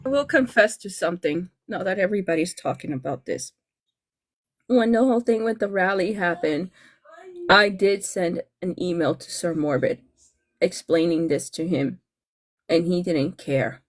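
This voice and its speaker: Low-voiced woman making a confession. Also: moderate pace. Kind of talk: casual live-stream chat.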